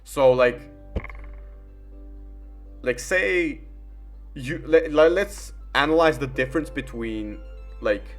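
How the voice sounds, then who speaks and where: A man's voice: medium pitch, takes it slowly, long pauses, faint music behind. A young man giving rambling, casual commentary while gaming, full of fillers and swearing.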